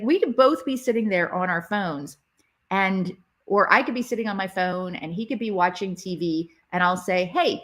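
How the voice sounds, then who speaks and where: A woman's voice: medium pitch, a bit bright. A woman teaching relationship communication in a live session, chatting to her viewers as she explains. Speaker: relationship educator. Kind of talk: live interactive workshop session.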